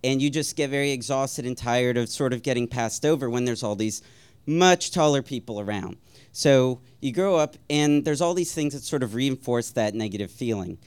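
A man telling a personal story in a wry, self-deprecating way, rambling a little with ums and uhs and soft chuckles. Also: medium pitch, moderate pace, clean tone.

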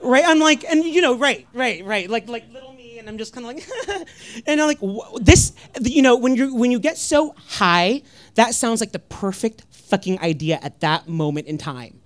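A woman's voice: fairly high pitch, normal speed. A young woman from Northern California performing a profane stand-up comedy set and acting out voices. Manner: animated, profane, acts out voices.

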